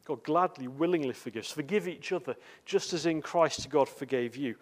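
A man's voice: on the high side, moderate pace. A man preaching a sermon, telling a story with acted quotes and many repeated words. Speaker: visiting preacher.

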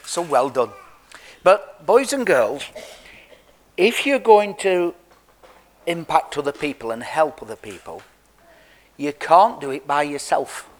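A man's voice: on the high side, expressive, slow, long pauses. An Englishman telling a Bible story to children in a jokey, chatty way, talking straight to them. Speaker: preacher giving a children's talk.

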